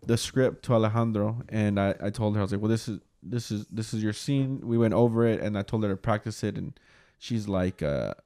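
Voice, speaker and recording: A man's voice: fairly low pitch, fairly quick, hardly any pauses, warm tone. A young man hosting a casual chat, telling a rambling, chatty story with easy laughs.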